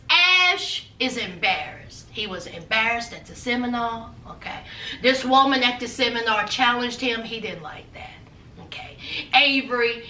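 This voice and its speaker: A woman's voice: fairly high pitch, bright, forceful tone. A woman recapping a reality show in a sassy, dramatic, gossipy way, calling the viewer honey and child. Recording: roomy, from a distance.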